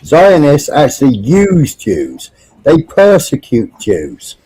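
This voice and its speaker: A man speaks slowly and deliberately in a mellow, darkish voice, hosting a casual livestream chat. He lectures and argues his case point by point, checking in with "yeah?" and "right?" as he goes. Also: mid-range voice, huge pitch swings, husky, low-quality recording. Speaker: livestream host.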